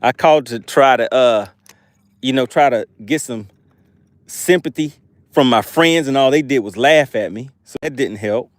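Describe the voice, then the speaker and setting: A man hosting a fishing livestream from a boat outdoors, excitable, calling out catches and chatting with viewers. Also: mid-range voice, normal speed, dry recording. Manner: excitable, reads chat aloud, exclaims. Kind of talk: live fishing stream chat.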